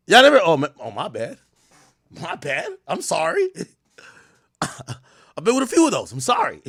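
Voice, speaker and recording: A man streaming casual comedic commentary, profane and animated, breaking into loud shouted outbursts. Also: high voice, normal speed, dry recording, studio quality.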